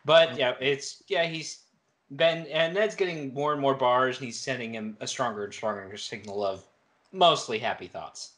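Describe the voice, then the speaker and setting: A man's voice: medium pitch, normal speed, fairly bright tone. A man co-hosting a casual book-club podcast, summarizing the plot with playful, wry asides. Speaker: podcast co-host.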